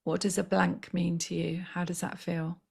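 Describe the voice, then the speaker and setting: A woman, a spiritual healer, softly and slowly coaxing a participant through a guided healing session. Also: on the low side, flat delivery, gravelly, husky. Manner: soft, slow, coaxing guidance.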